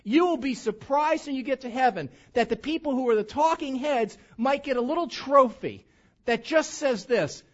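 Male preacher, lively pitch swings, slightly dull lo-fi church recording. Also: moderate pace. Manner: lively, animated preaching with mock-drawl asides. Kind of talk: sermon with humorous anecdote. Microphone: handheld or stage microphone.

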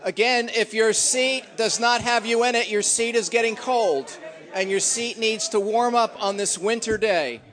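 A man's voice: high-pitched, measured pace, fairly bright tone, a faint crowd. A middle-aged man leading a church gathering, joking and teasing his congregation in a casual, chatty way.

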